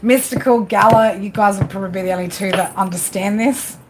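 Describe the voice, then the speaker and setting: A woman's voice: medium pitch, fairly quick, very noisy. A woman doing casual live-stream tarot readings, chatty and laughing, swearing freely as she talks to her viewers.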